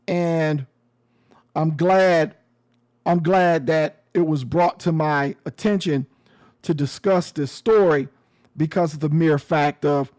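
A man's voice: fairly high pitch, darkish tone. A man giving a casual commentary monologue, sarcastic and emphatic, often repeating his phrases.

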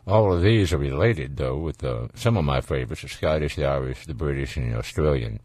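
A man's voice: extremely low pitch, brisk, darkish tone, no room sound. A man with a Southern US accent hosting a call-in radio show, talking in a folksy, rambling, jokey way. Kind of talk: casual radio talk.

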